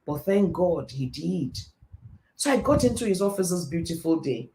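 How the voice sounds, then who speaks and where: A middle-aged man with a high-pitched voice hosts a live stream, delivering a motivational faith talk. He tells stories quickly and with lots of animation.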